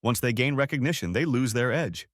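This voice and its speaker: A man playing a cold, self-assured young fighter who talks in a calm, flat, mocking way. The sound is dry and close. A lively pitch keeps the taunts moving. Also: a little fast, no room sound, lightly acted. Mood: musing.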